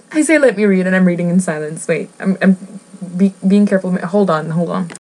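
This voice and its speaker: Giggly, rambling woman vlogger with a lowish voice. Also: normal speed, warm tone, a little hiss or hum, poor audio. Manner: rambling, giggly, self-interrupting. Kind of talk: casual chat while reading a book aloud.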